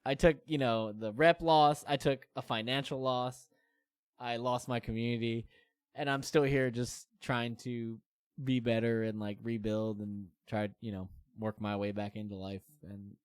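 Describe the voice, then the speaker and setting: A man's voice: mid-range voice, steady tone, a little slow, smooth, dry recording, clean studio sound. A man in his thirties streaming, chatting candidly and rambling with many fillers and self-deprecating asides. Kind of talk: casual chat to stream viewers.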